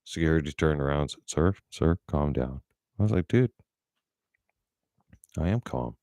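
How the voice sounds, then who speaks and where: Very deep-voiced angry man. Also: expressive, normal speed, mellow, no echo, studio quality. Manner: blunt, profane, angry storytelling. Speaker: vlogger. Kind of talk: casual storytelling.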